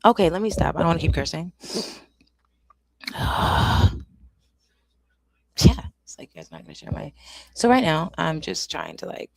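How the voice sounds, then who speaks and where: Woman streamer, casual rant, low gravelly voice, dry close sound, swears and whispers asides. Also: no echo. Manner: frustrated, swears, drops to whispers. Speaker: livestream host. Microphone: desk microphone.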